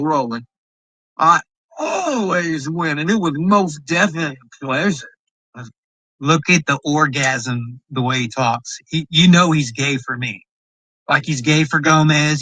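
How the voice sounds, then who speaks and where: Brash high-voiced man trash-talking. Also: bright, forceful tone, dry recording, poor audio. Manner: boastful, profane trash talk. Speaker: streamer reacting to a rival's video. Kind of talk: heated reaction commentary.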